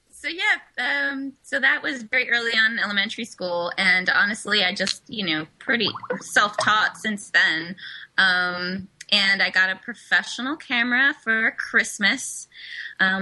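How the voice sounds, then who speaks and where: Bright chatty woman photographer guest. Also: mid-range voice, poor audio. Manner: chatty, lively storytelling. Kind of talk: interview conversation.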